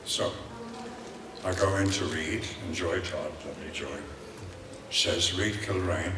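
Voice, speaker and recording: A man's voice: low voice, measured pace, sharp tone, reverberant, far from the mic, a little hiss or hum. An older man with an Irish accent, telling rambling, theatrical anecdotes as a guest on a convention panel. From Ireland. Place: large convention hall.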